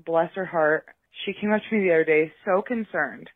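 A woman's voice: low voice, fairly quick, no room sound. A woman caller telling a story in a chatty voicemail, laughing as she goes. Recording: tinny phone line.

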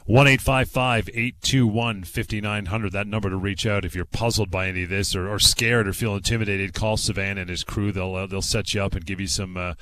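A man hosting a radio call-in show, relaxed, reading a listener's email aloud. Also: fairly low pitch, fairly quick, hardly any pauses, slight background noise.

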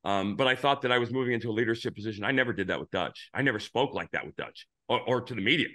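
A man's voice: fairly low pitch, very fast, bright, forceful tone. A middle-aged man hosting a baseball talk show, rambling through stories with many restarts. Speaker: podcast host, former pitcher. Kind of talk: casual sports talk.

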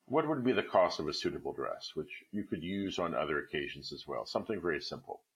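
A man's voice: extremely low pitch, sing-song, quick pace, exaggerated voice. A man voicing a timid, eager-to-please clerk husband in a storybook reading, stammering anxiously. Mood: pleading.

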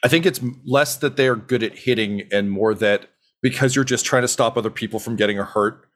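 A young man narrating a tabletop game as game master, halting with many ums and uhs. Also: mid-range voice.

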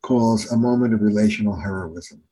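Speaking at a moderate pace, an older family therapist recounts case stories in a podcast interview. His fairly low, dark voice has a breathy edge, and the audio is poor. He teaches with earnest emphasis, circling back to key phrases.

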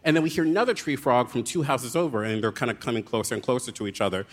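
A man telling a dramatic, comic story as a guest author on a live show, with quick asides. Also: medium pitch.

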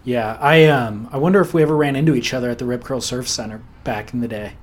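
A man's voice: mid-range voice, fast. Middle-aged guy hosting a surf podcast, laid back, tells stories. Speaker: podcast host. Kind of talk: casual podcast chat.

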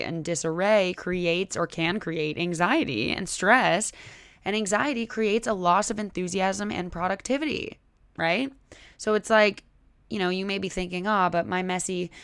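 A woman's voice: on the low side, a bit bright, no echo. A young adult woman hosting her own podcast, talking casually to her listeners with lots of "right?" and "like". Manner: casual, chatty, many "right?" and "like". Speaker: podcast host. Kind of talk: solo podcast monologue.

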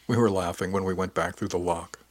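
A man's voice: sits low, fairly even intonation, brisk, no room sound. A man narrating a first-person audiobook in an easygoing, conversational way.

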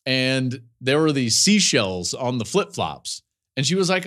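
A college football analyst in his forties talks through the week's news. His mid-range voice swings widely in pitch, and he keeps slipping into laughing asides and quick stories as he goes. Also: very animated, a bit bright. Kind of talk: podcast commentary.

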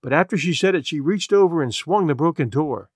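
Guy reading a story out loud, expressive, bit high pitched, dry close mic. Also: no room sound. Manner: measured, expressive narration. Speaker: narrator.

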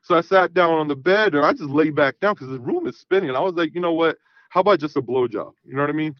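A man in his thirties calls in to a show and tells a long, casual story, rambling and repeating fillers like "you know what I mean." His voice is a little high and he talks fast, and the lo-fi recording has no room sound.

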